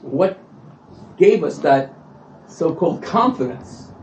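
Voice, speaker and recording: A man giving an animated storytelling speech at a community event, acting out what people said. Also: fairly high pitch, slow, slight background noise. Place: event hall. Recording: distant echoey lo-fi livestream audio.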